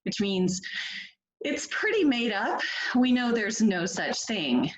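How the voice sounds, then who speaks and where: A female teacher reads a picture book aloud to first graders, asking them questions in an encouraging, expressive way. She speaks slowly at a medium pitch, and the recording is rough.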